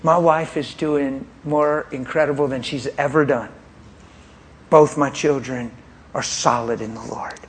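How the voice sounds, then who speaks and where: A man's voice: medium pitch, steady tone, measured pace, slight background noise. A man preaching a testimony in a pointed, straight-talking way, telling his story with animation and frequent laughter. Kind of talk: sermon testimony.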